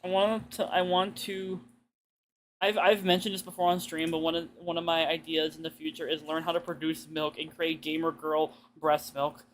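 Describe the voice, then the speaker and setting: A woman's voice: low voice, flat delivery, normal speed, a little hiss or hum. Laughing, swearing streamer woman. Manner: rambling, swearing, laughs often, lots of "like". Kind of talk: casual game-stream chat.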